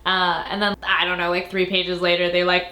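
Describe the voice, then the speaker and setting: A woman's voice: on the low side, level tone, a little fast, bright, forceful tone. A young woman reviewing a book in a casual, rambling, playful way, full of filler words. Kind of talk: casual chat. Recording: roomy echo.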